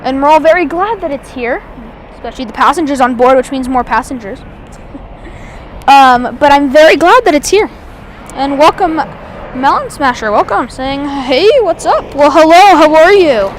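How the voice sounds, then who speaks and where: Woman, high pitch, live outdoor airport streamer, chatty and rambling, with faint background noise. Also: expressive, normal speed. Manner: chatty, enthusiastic, rambling with restarts. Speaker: live plane-spotting streamer. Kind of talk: live aviation commentary.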